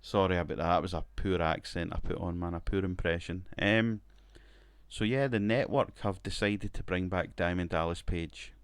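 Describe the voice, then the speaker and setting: A man's voice: deep voice, steady tone, moderate pace, clean tone, no room sound. A man casually commenting on his wrestling management game, rambling, swearing and laughing now and then. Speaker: gaming video creator.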